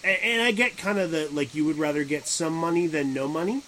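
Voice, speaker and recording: Teasing, higher-voiced man hosting a podcast. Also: a little fast, pushed and bright, a little hiss or hum, low-quality recording. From Canada. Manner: joking, teasing, stammering restarts. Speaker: podcast host. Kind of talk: casual podcast chat.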